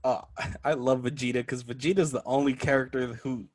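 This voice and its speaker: A young man in casual chat, animated and acting out quotes, laughing often. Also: medium pitch, fairly quick.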